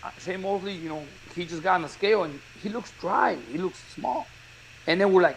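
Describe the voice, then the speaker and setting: A boxing coach telling a story in casual chat, acting out the quotes with energy. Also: male voice, sits high, fairly quick, gravelly, slight background noise, low-quality recording. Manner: animated storyteller, acts out quotes.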